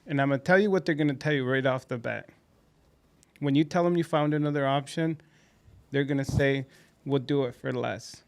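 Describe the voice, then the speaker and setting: A man co-hosting a dental podcast, chatting casually at a mid-range pitch. He tells stories about patients and slips into their voices as he quotes them. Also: fairly quick, creaky. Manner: storytelling, acting out patient conversations. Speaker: podcast co-host at a dental clinic.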